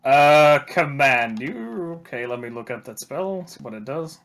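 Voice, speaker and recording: A man's voice: medium pitch, unhurried, vocal fry. Laid-back man running a tabletop game. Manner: relaxed, laughing often, swears casually. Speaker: dungeon master.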